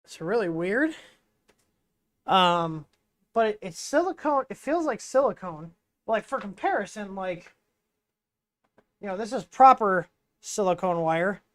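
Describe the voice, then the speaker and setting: A man's voice: high voice, lively intonation, unhurried, pauses often, fairly bright tone, no echo. A man hosting a casual livestream, rambling with lots of fillers as he explains hardware while working on it, speaking into a wireless mic. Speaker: livestream host. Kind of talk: casual hands-on tech livestream.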